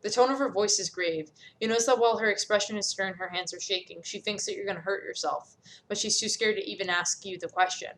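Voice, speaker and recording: Brief: woman narrating a low, hushed, cold inner voice, measured. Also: natural voice, rough recording.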